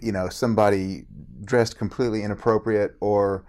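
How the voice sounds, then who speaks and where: A man's voice: lowish voice, little pitch movement, moderate pace, darkish tone. A man hosting a podcast interview, talking casually and rambling, with many you-knows. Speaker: host.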